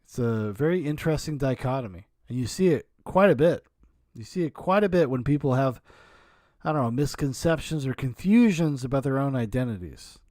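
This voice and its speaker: A man's voice: mid-range voice, expressive, fairly quick, darkish tone, no echo, studio quality. A male podcast host riffing crudely and sarcastically while reacting to a documentary. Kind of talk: commentary on a documentary.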